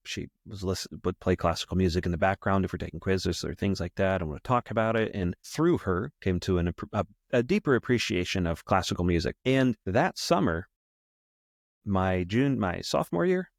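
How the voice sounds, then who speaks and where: A man's voice: on the low side, no echo, clean studio sound. A middle-aged man from the United States casually telling a personal story as a podcast host, rambling and often repeating and correcting himself.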